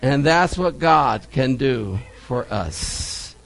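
A man's voice: mid-range voice, slow, vocal fry, rough recording. A man preaching a sermon and Bible study in a church, telling stories with lots of animation and repeating key phrases for stress. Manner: animated storytelling, stressed repetitions.

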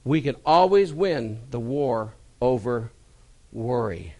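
A male pastor preaching a sermon in a folksy, personal way, repeating key phrases and swinging from loud emphasis to quiet, low asides. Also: animated, slow pace.

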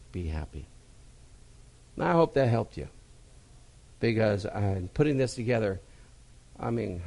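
A male pastor preaching a sermon in a folksy, personal way, repeating key phrases and swinging from loud emphasis to quiet, low asides. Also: gravelly.

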